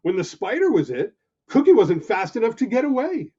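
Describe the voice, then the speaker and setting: Brief: husky, mellow male storyteller, slow and very animated, lo-fi recording. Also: very high-pitched. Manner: animated, expressive narration. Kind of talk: children's story reading. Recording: dull lo-fi recording.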